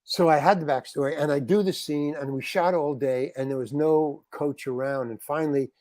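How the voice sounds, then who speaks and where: Guy telling an acting story in a podcast interview, kinda high voice, dry close sound, animated, says man a lot. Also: moderate pace, no echo. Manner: animated anecdote teller, peppers talk with "man". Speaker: actor guest.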